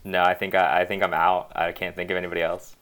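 A man's voice: low voice, level tone, fast talker, a loud crowd. A man co-hosting a podcast, sarcastic and hesitant when stuck on answers. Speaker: podcast co-host. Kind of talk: casual chat.

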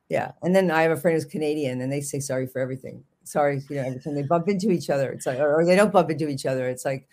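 Words come rapid-fire with few pauses from this author guest from New York, whose medium-pitched voice sounds darkish. He talks casually in the interview, meandering, restarting sentences and cracking jokes.

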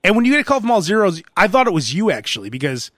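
A man hosting a podcast, chatting casually and telling animated stories in which he acts out phone calls and sometimes bursts into shouting. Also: sits high, racing, no echo, clean studio sound. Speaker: podcast host. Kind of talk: casual chat.

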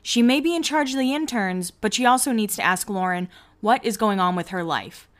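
A young woman hosting a casual recap podcast. She talks in a chatty way, full of "like", and acts out the quotes in quick voices. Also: medium pitch, lively intonation. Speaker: podcast host recapping a reality show.

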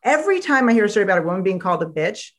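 A woman author, a guest on a podcast, talking in an animated storytelling way and acting out quoted voices. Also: medium pitch, racing. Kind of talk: podcast interview conversation.

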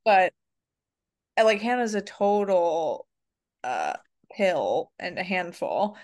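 Podcast co-host, woman, lowish voice, hesitant, full of fillers and restarts. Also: big pitch swings, slow pace, a little mellow. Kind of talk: casual chat.

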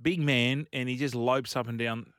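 Chuckling Australian radio co-host, dry studio sound. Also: male voice, medium pitch, steady tone, normal speed, a bit bright, dry recording. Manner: rambling anecdotal storyteller who chuckles mid-story. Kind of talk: casual radio banter.

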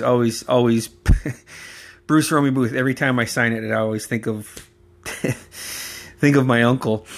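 Man rambling through a casual story. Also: mid-range voice. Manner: rambling, laughs often, swears casually. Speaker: podcast host.

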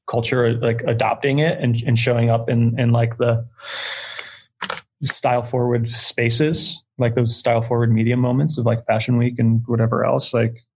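A man's voice: medium pitch, darkish tone, slightly rough. A man who is a creative director, talking as a podcast guest in a rambling way, full of filler words and swearing. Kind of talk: casual podcast conversation.

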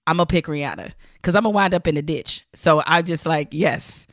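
A woman podcast host running a playful, teasing quick-fire game with her guest. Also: deep voice, no echo, clean studio sound. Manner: playful, teasing, laughs easily. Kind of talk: casual interview chat.

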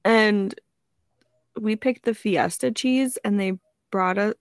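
A woman's voice: medium pitch, slow, no echo, clean studio sound. A woman telling a story in casual podcast chat, filling her sentences with "like" and swearing freely. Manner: fills every phrase with "like", swears freely. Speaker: podcast co-host.

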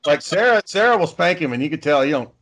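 A man's voice: a little high, expressive, fast talker, noisy background. A father in casual chat, rambling through stories about his kids and swearing freely.

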